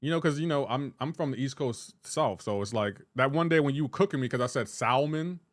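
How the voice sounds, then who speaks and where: A man's voice: mid-range voice, expressive, fairly quick, no echo, clean studio sound. A man with a light Southern US accent, a gaming streamer chatting casually and reacting to his viewers' messages. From Southern United States. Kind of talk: casual live-stream chat.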